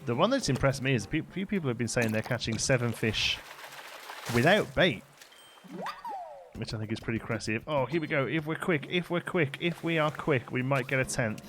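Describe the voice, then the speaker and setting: A man casually commenting on his own gameplay during a live stream, chatting with viewers and answering their messages. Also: medium pitch. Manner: relaxed, chatty, reads chat aloud and answers it.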